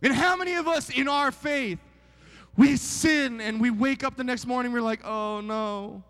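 A man in his forties preaching a sermon, telling stories with swings from hushed to near-shouting, often asking the crowd "right?". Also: very high-pitched, normal speed, big-room sound. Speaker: pastor.

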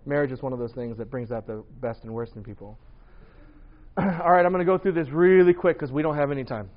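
Loud, animated preacher man, lo-fi sound. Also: fairly high pitch, fast. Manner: loud, animated, joking asides. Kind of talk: casual sermon to young adults. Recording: dull lo-fi recording.

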